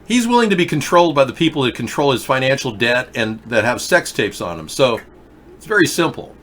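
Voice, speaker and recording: A man hosts a live political video chat, speaking emphatically and straight to his viewers while wearing a mouth guard. His voice sits at an ordinary middle pitch. A faint hiss of noise runs behind him. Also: big pitch swings, brisk, a bit bright. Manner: emphatic, ranting, addresses viewers directly. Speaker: political talk show host.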